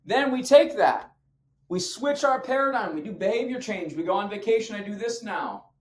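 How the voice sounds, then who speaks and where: A man's voice: sits high, animated, moderate pace, slight background noise. A man coaching on fitness habits in an emphatic, slangy, punchy motivational talk to camera. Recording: echoey room.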